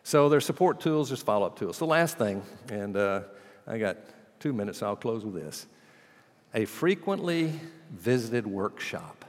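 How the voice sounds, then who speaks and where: A middle-aged man preaching a sermon, telling stories and acting out both sides of a conversation, swinging from loud bursts to near-quiet asides. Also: lowish voice. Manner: storytelling, acting out dialogue with big swings in loudness. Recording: long hall reverb.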